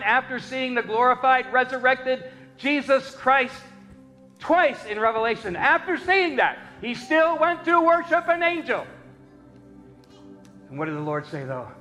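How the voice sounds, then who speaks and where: High-voiced preacher in an echoing hall. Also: male voice. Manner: dramatic swings between loud emphatic peaks and low intense asides; repeats words and restarts phrases. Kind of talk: sermon.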